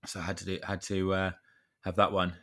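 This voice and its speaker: Low, bright-voiced man telling a story. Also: completely flat delivery, fairly quick. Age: 30s. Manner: rambling storyteller, chatty with mild swearing. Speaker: podcast co-host. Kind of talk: casual chat.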